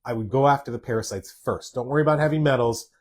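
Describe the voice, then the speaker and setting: A man's voice: mid-range voice, fast, darkish tone. A man, a doctor, answering viewer questions in a live Q&A, plainspoken and direct as he reads each question aloud and responds. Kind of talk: live Q&A reading viewer comments.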